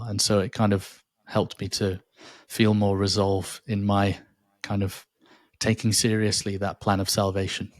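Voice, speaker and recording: Man, podcast guest, thoughtful, earnest, lowish voice, dry close sound. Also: little pitch movement, measured pace, no echo. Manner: thoughtful, earnest, with frequent restarts. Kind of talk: reflective faith interview.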